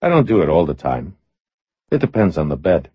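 A man reading a deadpan, laconic tough guy. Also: deep voice, a little fast, husky, no echo, muffled recording, heavily acted. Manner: deadpan, clipped answers.

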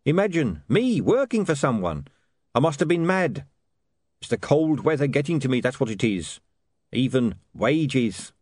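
A man's voice: a little high, very animated, moderate pace, darkish tone, no room sound, clean studio sound, voice pushed up. A man voicing a shifty, wheedling street hawker in an audiobook.

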